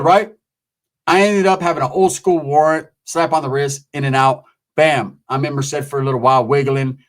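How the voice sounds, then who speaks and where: A man telling a story in casual, animated, slang-heavy talk, acting out the quotes and swearing often. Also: medium pitch.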